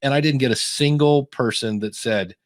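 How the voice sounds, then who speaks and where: A man's voice: medium pitch, moderate pace, no echo, studio quality. A man co-hosting a podcast review, giving casual advice through rambling anecdotes full of restarts. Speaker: podcast consultant and co-host.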